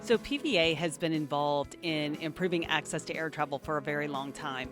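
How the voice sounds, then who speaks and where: A speaker for an advocacy organization gives interview remarks in a measured, explanatory way. The voice sits at an ordinary middle pitch. Faint music plays behind the talk. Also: a bit bright.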